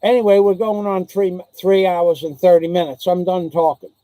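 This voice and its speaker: A man with a high-pitched, warm voice and fairly even intonation talks at a moderate pace as a channel host, rambling through old memories. He repeats himself and mimics other people's voices in his anecdotes. The recording is dry.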